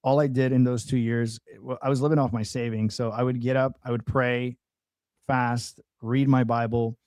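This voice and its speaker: A podcast guest shares a personal testimony in a mellow, unhurried, mid-range voice with little pitch movement. His storytelling is earnest, full of fillers, doubling back and restarts. A close microphone makes the recording dry, with no room sound around it.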